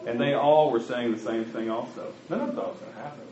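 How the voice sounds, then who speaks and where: Animated preacher with a roomy sound. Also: male voice, medium pitch, fast talker, over music. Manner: conversational, addresses the congregation directly. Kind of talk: sermon. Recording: roomy, slightly muffled recording.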